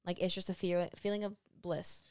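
A woman co-hosting a podcast in casual chat, bubbly and chatty, quick to joke. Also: fairly low pitch, little pitch movement, a little mellow, clear, resonant tone, dry recording, studio quality. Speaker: podcast co-host.

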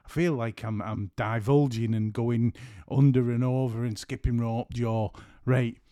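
Unhurried and steady, a middle-aged man with a mid-range, dark-toned voice jokes and rambles on his casual solo podcast, often interrupting himself mid-sentence. He's a podcast host and photographer recording at home after work, and the sound is dry and studio-clean.

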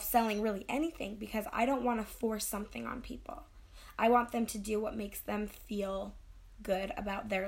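Podcast co-host: young woman, higher pitch, candid, self-doubting, rambling. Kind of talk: casual personal chat.

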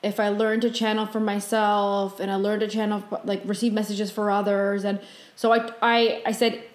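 A woman co-hosting a podcast, telling a dream story in casual chat and acting out her own panicked lines. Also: roomy sound. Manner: animated retelling, voices her own panicked quotes high and fast. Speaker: podcast co-host.

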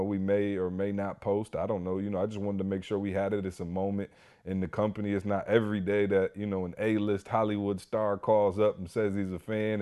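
A man co-hosting a podcast, telling a story in a casual, animated way full of "you know" and "like". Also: on the low side, clear, resonant tone. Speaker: podcast co-host.

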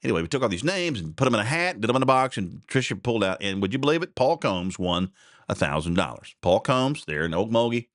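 This is a middle-aged man hosting his radio show, rambling and folksy, tripping over his words as he chats. His voice sits fairly low. The sound is dry and close, with no room behind it. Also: big pitch swings, fast talker, dry recording. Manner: rambling, chatty, folksy with many restarts. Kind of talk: casual radio talk.

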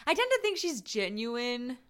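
A woman's voice: a little high, sing-song, moderate pace, smooth. A woman co-hosting a casual podcast, giving her take on a drama and laughing easily. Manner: reflective, giggly, gives opinions with restarts. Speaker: podcast co-host. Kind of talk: casual chat.

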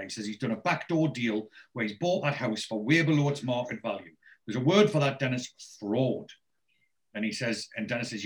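Casual man retelling TV scenes. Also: mid-range voice. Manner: animated storyteller, many fillers and restarts. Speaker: podcast host recapping a TV series. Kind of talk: casual chat, retelling scenes with quoted dialogue.

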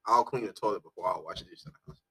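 A man in his thirties co-hosting a casual chat, telling profane, animated stories with laughter. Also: deep voice, quick pace, poor audio.

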